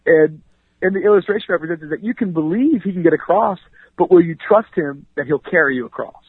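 A fast-talking man with a husky voice makes his points with a preacher's energy. He speaks like a pastor, dropping 'you know what I mean' into his sentences. He comes through a dry, tinny phone line. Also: fairly high pitch, lively intonation, no echo. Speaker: pastor and author, interview guest. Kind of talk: conversational radio interview.

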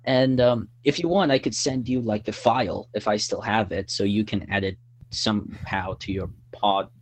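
A young man telling a story on a podcast in an excitable, halting way, often restarting his sentences. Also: lowish voice. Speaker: podcast guest. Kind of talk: casual storytelling.

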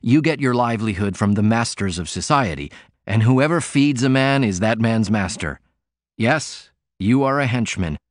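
A man's voice: medium pitch, animated, moderate pace, no room sound, studio quality, close to an everyday voice. A man reading an audiobook, voicing a defiant young working-class man who argues pointedly. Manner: pointed, argumentative.

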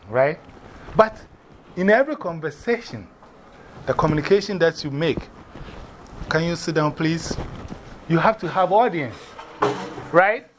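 A man with an African accent teaching a class, animated and often putting questions to the students. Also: on the high side, a little hiss or hum.

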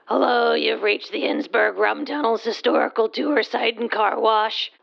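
A woman playing a grumpy female tour site worker in a comedy radio play, with a rough, gravelly voice and a flat, grumbling delivery. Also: fairly high pitch, unhurried, dull audio, heavily acted.

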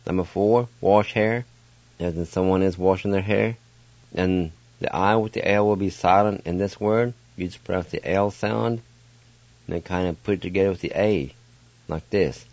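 A radio host teaching language speaks in a low, slightly mellow voice at a moderate pace, patiently spelling words letter by letter and pronouncing them. The studio sound is dull and dry, with no echo.

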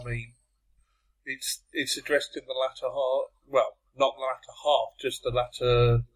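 Male podcast panelist, casual and rambling, mid-pitched. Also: low-quality recording. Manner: rambling, loses his train of thought. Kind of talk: casual chat.

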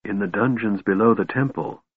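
Man playing a young woman, soft and tense, kinda husky, tinny phone sound. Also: fairly low pitch, sing-song, moderate pace, full character voice. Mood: tender. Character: young woman, brave, tender and frightened.

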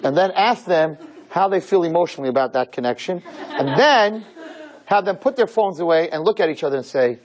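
A man's voice: lively intonation, brisk, rough recording. A man giving a lecture as a rabbi to a room of girls, emphatic and preachy, full of rhetorical questions and repetition. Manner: pitch swings widely, jumping high on key points. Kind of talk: sermon-style lecture to a live audience.

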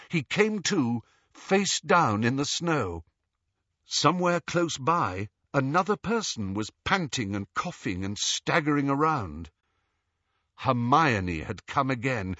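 Man reading a story slow and dramatic, husky, kinda muffled dry sound. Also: mid-range voice, bright, forceful tone, no echo. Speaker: audiobook narrator. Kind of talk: scripted narration.

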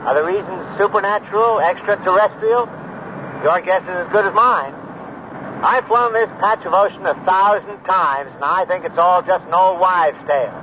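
An actor playing a calm, easygoing airline captain speaking over a plane's PA system. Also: male voice, sits high, moderate pace. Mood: breezy. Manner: easygoing, chatty. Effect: heard over a PA system. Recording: dull old radio play with engine noise.

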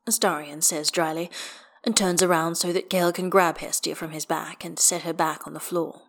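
A woman narrating a story aloud in a measured, unhurried manner. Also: low-pitched, steady tone, a bit bright.

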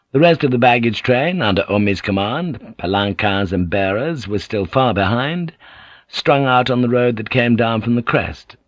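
A man narrates an audiobook in a steady, descriptive reading with a low voice. The recording is dull and muffled, with a dry, close sound. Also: no echo. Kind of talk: scripted narration.

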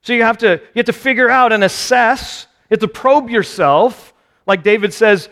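A very high, slightly bright male voice moves at a moderate pace through a conversational sermon. The preacher jokes at his own expense and poses rhetorical questions, his words ringing with the long reverb of a large hall.

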